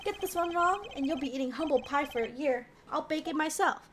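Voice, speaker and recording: A woman's voice: high voice, lively intonation, brisk, fairly bright tone, a little hiss or hum. A woman voicing a swaggering young male rock guitarist detective in a video game, with a slangy drawl. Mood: cocky. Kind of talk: reading game dialogue aloud.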